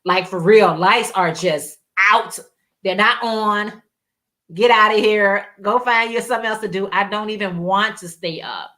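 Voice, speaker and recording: A woman chatting casually on her live stream with a bright, forward tone. She rambles from one thought to the next and reads viewers' comments aloud. She laughs often between her thoughts. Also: mid-range voice, steady tone, a little slow. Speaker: livestream host.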